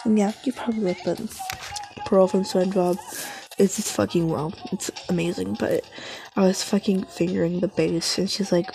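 A woman's voice: on the low side, fairly even intonation, normal speed, vocal fry, dark tone, rough recording. A teenage girl telling a rambling, casual story, full of fillers and swearing.

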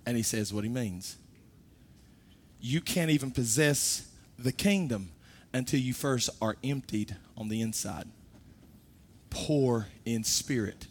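A man preaching a sermon, moving from quiet, low talk to loud, high-pitched exhortation. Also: slow.

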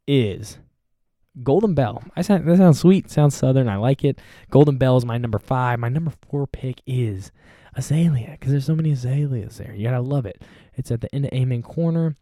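A man's voice: medium pitch, warm tone, no echo, studio quality. A young man hosting a casual solo podcast, rambling and self-deprecating as he chats. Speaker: podcast host.

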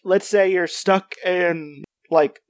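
Bright-voiced rambling young man, dry mic. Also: sits high, fairly even intonation, takes it slowly, dry recording. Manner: rambling, playful storyteller who spins odd hypotheticals. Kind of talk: casual podcast chat.

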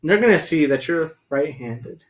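A man's voice: fairly high pitch, lively intonation, normal speed. A man co-hosting a casual podcast from a bedroom, giggly and teasing. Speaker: podcast co-host. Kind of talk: casual chat.

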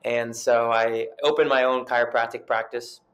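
A man's voice: medium pitch, level tone, normal speed, fairly bright tone. A young adult man telling his story as an interview guest, in an earnest, rambling way full of fillers and restarts. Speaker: guest chiropractor and coach.

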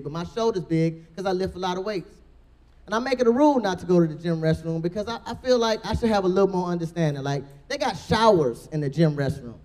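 Woman comic, deep warm-toned voice, profane brash stand-up delivery. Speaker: stand-up comedian. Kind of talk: stand-up comedy set.

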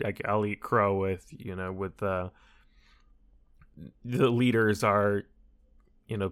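A man's voice: lowish voice, fairly bright tone, clean tone. A man talking casually to his audience about a motor race, rambling and correcting himself as he goes. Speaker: solo racing commentator. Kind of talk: casual chat.

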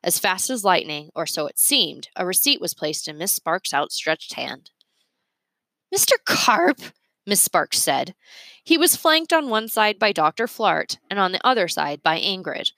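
Bright, animated woman storyteller. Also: fairly low pitch, moderate pace, creaky, dry recording. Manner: expressive, animated reading. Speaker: read-aloud narrator. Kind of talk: storybook read-aloud.

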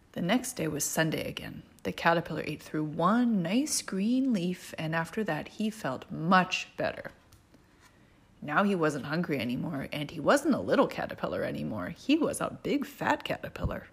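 A woman reading picture books aloud to a toddler in a playful, sing-song way, sometimes dropping to a hush. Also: sits low, big pitch swings, normal speed, slightly rough. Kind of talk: animated picture-book read-aloud.

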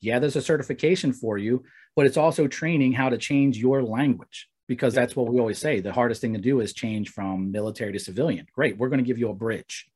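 A man's voice: medium pitch, a little fast, breathy edge. A man in his forties, a guest trainer telling stories in a casual podcast conversation. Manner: storytelling, animated when acting out quotes.

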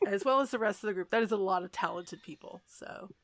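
A woman's voice: medium pitch, fast, a bit bright. A woman co-hosting a podcast, chatting casually and animatedly, swearing now and then. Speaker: podcast co-host. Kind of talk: casual chat.

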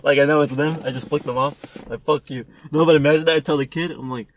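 A man's voice: fairly high pitch, fairly even intonation, fast, a little hiss or hum. A young man telling a rambling, profane story in casual chat between friends.

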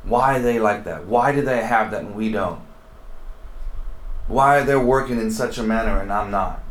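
A man's voice: fairly low pitch, normal speed. A man giving a conversational, earnest devotional sermon and talking to his listeners with frequent asides. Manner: conversational, earnest, many asides like "you know". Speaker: preacher. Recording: roomy echo.

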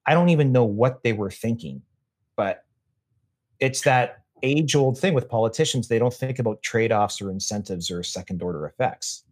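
A man's voice: mid-range voice, lively intonation, normal speed, a little mellow, breathy edge. A man talking casually as a podcast guest, opinionated and rambling, often restarting his sentences. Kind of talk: casual conversation.

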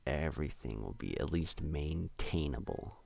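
A man's voice: rumbling low, animated, a little slow, gravelly, a little mellow. A young man hosting a solo podcast, rambling and self-deprecating with lots of hesitations. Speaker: podcast host.

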